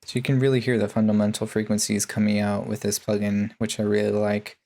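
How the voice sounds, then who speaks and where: A man with a low, gravelly voice walks through his mixing chain in a relaxed tutorial. He speaks in a flat, even tone and fills his pauses with ums and uhs. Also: faint music behind. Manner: laid-back, many ums and uhs. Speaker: music producer. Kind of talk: casual tutorial narration.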